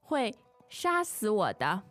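Slow-speaking woman co-hosting a lesson. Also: mid-range voice, wildly swooping pitch, a bit bright, no room sound, faint music behind. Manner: brief affirmations, playful. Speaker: language podcast co-host. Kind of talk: casual lesson chat.

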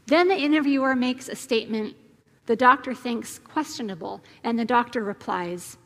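A woman pastor giving a gentle, conversational sermon and leading a prayer. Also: on the high side, animated, in a large hall. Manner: slow, gentle, conversational preaching.

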